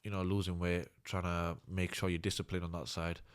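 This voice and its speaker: A man's voice: deep voice, level tone, brisk, clean tone. A man, a fighter talking candidly and earnestly as an interview guest. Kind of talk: casual interview talk.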